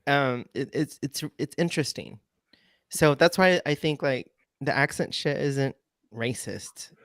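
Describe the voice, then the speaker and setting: A thoughtful man co-hosts a casual chat podcast. He speaks in a measured way and often apologizes as he makes a point. His mid-range voice sounds dry and close. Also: medium pitch, lively intonation, no echo. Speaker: podcast co-host.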